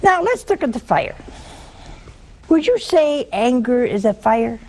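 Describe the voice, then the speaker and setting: An older woman teaches a live audience about faith, telling stories with lively emphasis and long, dramatic pauses. Her voice sits a little high for a woman. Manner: animated storytelling, dramatic pauses. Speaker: religious teacher. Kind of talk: catholic teaching talk to an audience.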